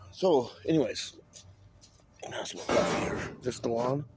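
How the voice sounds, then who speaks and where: A man's voice: mid-range voice, lively intonation, slow, heavy background noise. A man talking in a rambling monologue, drifting between topics and swearing often. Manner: rambling, wandering, with frequent swearing.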